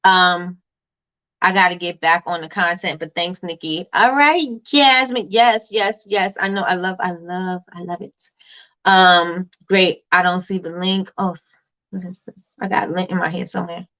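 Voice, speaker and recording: A woman hosting a live business tips stream, chatting casually and reading viewer comments in a loud, animated way. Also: fairly low pitch, unhurried, highs cut off. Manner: loud, animated and repetitive, talks straight to viewers.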